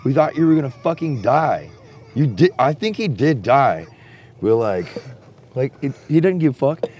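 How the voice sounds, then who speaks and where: A man's voice: mid-range voice, sing-song, moderate pace, a little mellow, breathy edge. A man telling rambling, profane stories in casual chat, recorded outdoors at a campsite. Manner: rambling, heavily profane storytelling.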